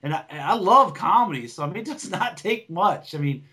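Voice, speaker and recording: A man's voice: high-pitched, animated, a little fast, sharp tone. A man who does stand-up, chatting on a podcast in a blunt, rambling way with lots of swearing and restarts. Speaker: podcast co-host, stand-up comic. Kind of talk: casual podcast chat.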